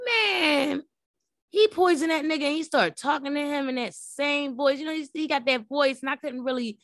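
A young adult woman hosting a live recap show, speaking in a fairly high voice that rambles bluntly and swears freely. She addresses her listeners directly. The recording is close and dry, with no room sound. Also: steady tone, a little fast, fairly bright tone, no echo. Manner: talks straight to listeners. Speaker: podcast host. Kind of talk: casual live recap chat.

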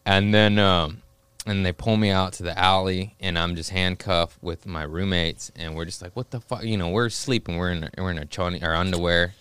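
Young guy rambling thru a crude story, low smooth voice, dry close sound. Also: steady tone, normal speed, fairly bright tone, dry recording. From Los Angeles area. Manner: rambling, profane, acts out voices in his stories. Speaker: stand-up comic guest. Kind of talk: casual storytelling on a podcast.

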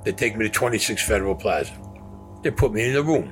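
Give me an older man telling a gritty story, low-voiced and profane. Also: fast, soft background music. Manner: profane, animated, street-talk storytelling. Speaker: former mobster interviewee. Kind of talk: storytelling interview.

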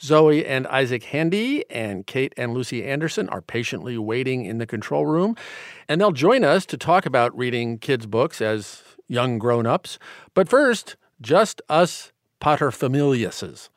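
A man's voice: medium pitch, very animated, measured pace, dry recording. Radio host, man, polished delivery, dry close mic. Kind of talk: scripted radio hosting.

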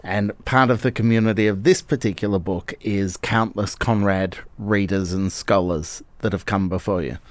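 A man hosting an interview, asking his questions in a calm, courteous way. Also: on the low side, moderate pace, hardly any pauses, no echo. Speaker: interviewer host.

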